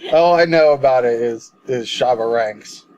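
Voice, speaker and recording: A man's voice: mid-range voice, slow, darkish tone, muffled recording, slight background noise. A man co-hosting a casual movie podcast, telling rambling stories with a joking tone and frequent laughs. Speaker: podcast co-host. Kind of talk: casual chat.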